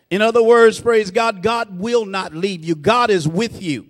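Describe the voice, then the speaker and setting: A man preaches in a fairly high voice, and a long reverb from a church sanctuary trails behind each phrase. He keeps breaking in with "praise God", swells louder and slower on the key lines, then drops low and soft for asides. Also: expressive. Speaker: pastor. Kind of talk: sermon.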